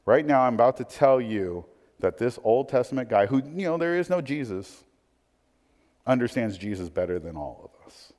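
A man preaching a sermon, swinging between emphatic points and hushed, conversational asides. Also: medium pitch, animated, normal speed. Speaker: pastor. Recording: long hall reverb.

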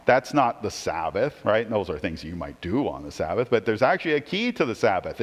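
Preaching man in a reverberant hall. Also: medium pitch. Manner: animated preaching, rising emphasis and repeated rhetorical "right?". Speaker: pastor. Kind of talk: sermon.

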